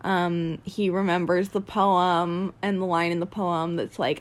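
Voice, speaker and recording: A woman co-hosting a casual recap podcast, retelling scenes and acting out the quotes in a hushed voice. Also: lowish voice, unhurried, few pauses. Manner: animated retelling, acts out quotes, drops to a hush. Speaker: podcast co-host.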